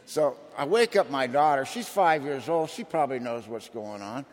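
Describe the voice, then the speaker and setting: A man's voice: mid-range voice, expressive, normal speed. A man with a mid-range voice tells his life story in an earnest, folksy way. His words ring out with a long reverb, as if from a meeting hall. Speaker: speaker at a recovery meeting. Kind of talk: personal recovery testimony.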